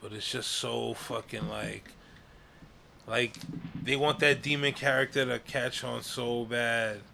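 A man's voice: medium pitch, steady tone, slow, vocal fry, pushed and bright, slight background noise. A man co-hosting a casual wrestling podcast, laid-back, laughing a lot and swearing freely. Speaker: podcast co-host.

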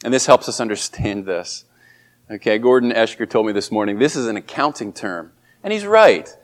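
A man's voice: animated, moderate pace. A man preaching a sermon as a pastor, speaking earnestly and lifting his voice on emphatic lines. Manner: earnest, rises in pitch and volume on emphatic quotes.

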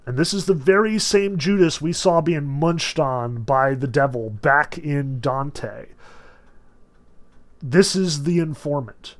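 Emphatic, animated male literature lecturer. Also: a little high, slow pace. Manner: emphatic and animated, with sudden surges of stress; casual asides. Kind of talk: lecture on a novel.

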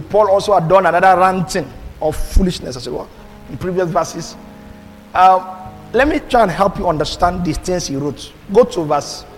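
A male pastor preaching a sermon and reading scripture, with emphatic delivery that swings between loud and hushed. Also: high-pitched. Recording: long hall reverb with faint music.

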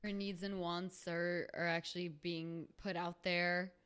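A woman's voice: lowish voice, flat delivery, measured pace, fairly bright tone, clear, resonant tone. A woman co-hosting a podcast in casual chat, telling stories animatedly and laughing often. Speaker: podcast co-host.

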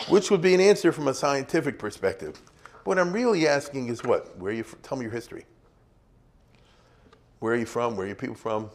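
A man's voice: mid-range voice, lively intonation, a little fast, long pauses. A middle-aged man giving a casual history lecture, keeps checking in with his students and acting out small examples. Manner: conversational, checks in with "you see?" and "you get it?".

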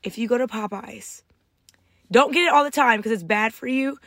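A woman's voice: a little high, normal speed, no echo. A young adult woman co-hosting a casual podcast chat, playful and dramatic, often laughing and tossing in mock-church exclamations. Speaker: podcast co-host.

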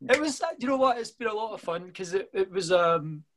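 A podcast host, a man, closes out an interview with warm praise and plugs. His voice sits on the higher side and he chats casually. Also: lively intonation, fairly quick. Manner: friendly, enthusiastic praise.

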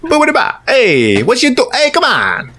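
A man's voice: extremely high pitch, big pitch swings, fairly quick, bright, forceful tone, a little hiss or hum, pitched above the performer's own voice, full character voice. A man putting on a mocking, exaggerated Italian-style bully voice. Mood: taunting.

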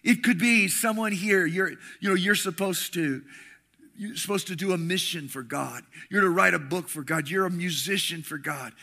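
A middle-aged man preaching a sermon with passion, swinging between shouting and hushed tones. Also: high voice, moderate pace, creaky. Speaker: pastor.

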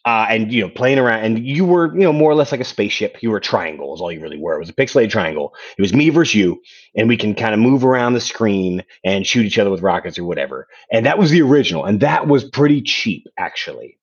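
Podcast guy talking games history, lively up and down voice, kinda husky, muffled audio. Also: on the low side, fast talker. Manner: animated, swearing, lots of restarts. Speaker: podcast host. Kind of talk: casual podcast chat. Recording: dull lo-fi sound.

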